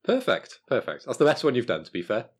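Husky young man ribbing his co-host. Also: mid-range voice, big pitch swings, racing. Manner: teasing, dry ribbing. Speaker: podcast co-host. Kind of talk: casual chat.

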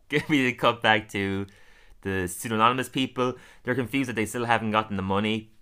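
A man's voice: lowish voice, normal speed, sharp tone, smooth. A man casually recapping cartoon episodes for a podcast, laughing often and throwing in lots of fillers. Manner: chatty, laughs often, many fillers, acts out quotes. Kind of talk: casual chat.

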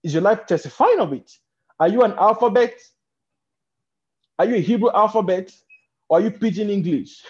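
A man's voice: sits high, lively intonation, fast talker, darkish tone. A man with a Nigerian accent preaching a teaching sermon on a livestream, asking rhetorical questions and breaking into laughter. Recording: dull lo-fi recording.

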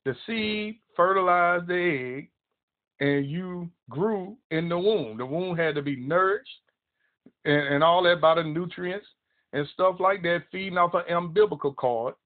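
Preacher, male, emphatic broadcast sermon, slightly raised pitch, tinny phone audio. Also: measured pace. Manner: emphatic, repeats phrases and quotes scripture.

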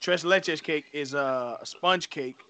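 A man's voice: on the high side, slow, pushed and bright. A man hosting a casual group debate about food, rambling and trailing off into fillers as he explains.

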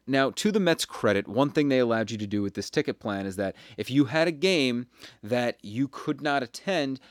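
Halting man on a dry mic. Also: lowish voice, no room sound. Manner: halting, many fillers and restarts, wry. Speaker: podcast co-host. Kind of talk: casual sports podcast storytelling.

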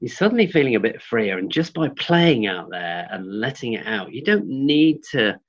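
A man explaining ideas in a thoughtful, reflective conversational way, often pausing with ums and restarting his sentences. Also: mid-range voice, very animated. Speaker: guest, forest school trainer. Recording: dull lo-fi audio.

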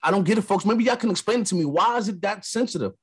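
Young new york guy podcasting, kinda husky voice, pitched up high, acts out everybody in his stories. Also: racing. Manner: animated storyteller, acts out quotes. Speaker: podcast host. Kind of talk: casual monologue.

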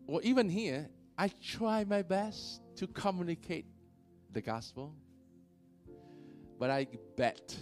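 A male pastor preaching a sermon in church, animated, laughing often and checking in with the congregation. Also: medium pitch.

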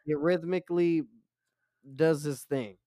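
A young man spins a wild tale as a podcast guest, swearing freely and acting out the voices. His voice is smooth and clear. The sound is close and dry, with no room echo. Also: a little high, measured pace. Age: 20s. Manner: profane, animated storyteller. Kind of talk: casual storytelling.

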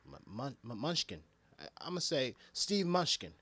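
A man who works as an EMT, ranting casually and profanely about a movie, swinging between hushed asides and loud outbursts. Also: medium pitch, sing-song, unhurried, slightly rough, dry recording. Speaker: EMT giving movie reactions. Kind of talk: casual rant to camera.

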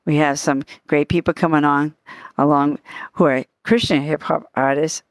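A woman's voice: sits low, fairly even intonation, moderate pace, clean tone, no room sound, clean studio sound. Chatty Boston woman hosting a podcast. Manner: chatty, laughs often, repeats herself. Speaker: podcast host. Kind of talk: casual podcast introduction.

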